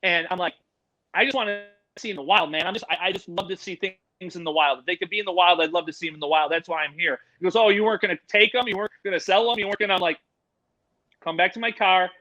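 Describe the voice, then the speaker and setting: Casting: middle-aged man, high bright voice, a lively swearing storyteller, dry close mic. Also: quick pace, no echo, rough recording. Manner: animated, swears freely, acts out voices in his stories. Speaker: podcast guest, animal educator. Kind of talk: casual storytelling.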